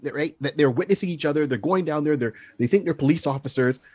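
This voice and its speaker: A man's voice: fairly high pitch, quick pace, dry recording. A man co-hosting a comedy podcast, chatting casually, laughing a lot and acting out the voices of people he quotes. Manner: animated, laughing often, acts out quoted voices.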